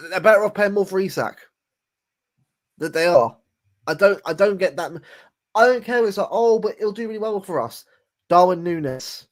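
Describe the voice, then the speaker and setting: Casual podcast co-host, male, slightly higher voice, rambling and repetitive delivery. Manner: rambling, repeats words and says mate often. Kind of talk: casual football chat.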